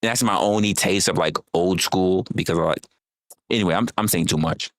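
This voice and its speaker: An American man chatting casually on his livestream, animated and rambling, swearing freely and teasing his chat. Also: low voice, moderate pace, no room sound. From United States. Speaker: livestream host.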